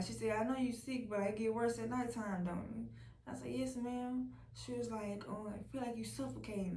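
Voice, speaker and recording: A young woman with telling a personal story to her viewers, animated and blunt, acting out other people's lines in a lower voice. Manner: animated, quotes others in a low voice, profane. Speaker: vlogger. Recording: roomy and distant from the mic, faint background noise.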